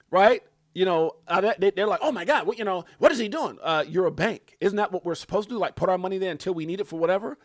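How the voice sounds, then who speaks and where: Crypto stream host, American man, middle-aged, high-pitched, dry close mic, angry casual venting. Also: no echo. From United States. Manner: heated, venting, swears often. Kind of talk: casual ranting livestream talk.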